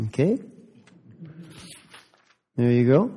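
A man's voice: medium pitch, big pitch swings, very slow, dark tone, long reverb tail, slight background noise. A man giving a children's sermon as a pastor, asking playful, teasing questions of the children.

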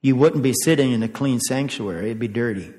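A man's voice: medium pitch, brisk, mellow. An older man giving a children's sermon as pastor, chatty, asking the kids questions and chuckling often. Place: church sanctuary. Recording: echoey church sanctuary.

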